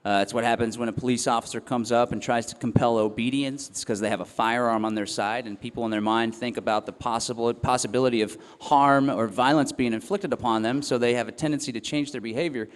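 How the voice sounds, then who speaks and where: A man's voice: mid-range voice, fairly even intonation, fast talker, hardly any pauses. Earnest young man speaking in a hall. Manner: earnest, reflective, frequent ums and restarts. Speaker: festival speaker. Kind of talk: talk to a live audience. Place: event hall or tent. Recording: long hall reverb.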